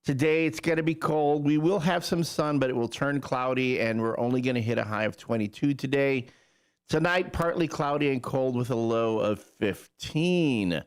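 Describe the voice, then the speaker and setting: A man's voice: mid-range voice, normal speed, clean tone. Male morning radio host, jokey and rambling, easygoing banter into a studio mic. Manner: jokey, rambling, with playful asides. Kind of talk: casual morning radio banter and weather report.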